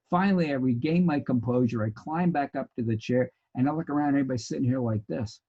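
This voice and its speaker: A man's voice: mid-range voice, quick pace, hardly any pauses, husky, lo-fi sound. A man teaching a sociology lecture, telling anecdotes. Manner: animated storyteller, bursts into loud laughter. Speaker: sociology instructor.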